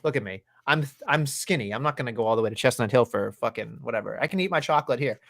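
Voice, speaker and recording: Podcast co-host, male, mid-pitched, swears freely in exasperated rants, dry close sound. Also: lively intonation, fast, gravelly, fairly bright tone, dry recording. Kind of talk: casual wrestling podcast chat.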